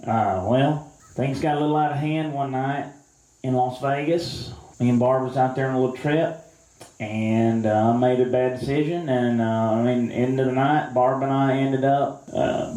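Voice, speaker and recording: A self-described outdoorsman from Louisiana, speaking in a warm, medium-pitched voice, gives a deadpan comic monologue at a mock press conference. He drawls and rambles with plenty of fillers, recorded in an echoey barn.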